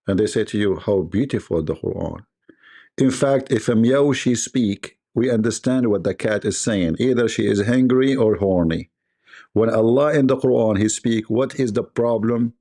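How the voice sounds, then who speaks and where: Sarcastic man with a mellow voice. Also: lowish voice, moderate pace. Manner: sarcastic, laughing often, mimics voices. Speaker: livestream host. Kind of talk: mocking commentary.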